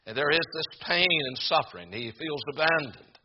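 An older man preaching a sermon to a congregation, earnest and halting, with frequent fillers and restarts. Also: a little high, animated, dull audio, heavy background noise. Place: room with a congregation.

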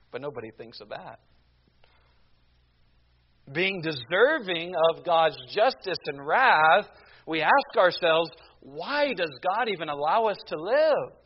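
Male preacher, emphatic and unhurried, stacking rhetorical questions; dull lo-fi recording. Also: sits high. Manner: emphatic, rhetorical questions, slows down on key phrases. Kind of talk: sermon.

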